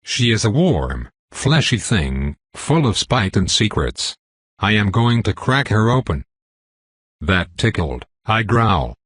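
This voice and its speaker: Male narrator, deep and breathy, dry close read; clipped, intense dramatic delivery. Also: a bit bright, no echo. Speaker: audiobook narrator. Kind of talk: first-person fiction narration.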